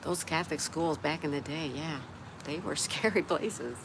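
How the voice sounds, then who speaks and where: A woman with a low, gravelly voice at a moderate pace hosts a casual livestream, reading viewer comments aloud and answering with a laugh. Background noise is noticeable.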